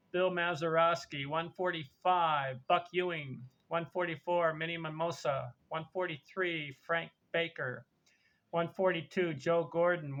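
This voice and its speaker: A man's voice: a little high, a bit bright, dull audio. A man hosting a sports talk show, reading down a ranking list and stressing his points as he teases the reveal. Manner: emphatic, teasing the big reveal. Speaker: podcast host. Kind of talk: countdown ranking monologue.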